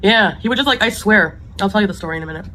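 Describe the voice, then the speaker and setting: A woman's voice: medium pitch, very fast, pushed and bright, slight background noise, low-quality recording. A woman hosting an eating show, chatting about her meal and savoring each bite. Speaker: mukbang host.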